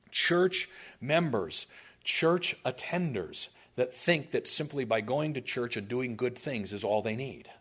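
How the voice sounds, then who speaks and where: A male pastor preaching a sermon, telling stories animatedly with asides to the congregation. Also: medium pitch.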